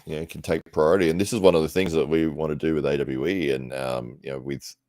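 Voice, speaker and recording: Man, podcast host, extremely deep voice, relaxed, chatty, dry close sound. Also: fast talker, no room sound. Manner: relaxed, chatty, laughs easily. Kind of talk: casual chat.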